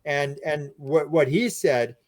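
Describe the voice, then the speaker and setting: A man's voice: on the high side, slow pace, dry recording. A man speaking as a guest on a podcast interview, telling long rambling anecdotes with frequent restarts. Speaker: guest, UFO researcher and author.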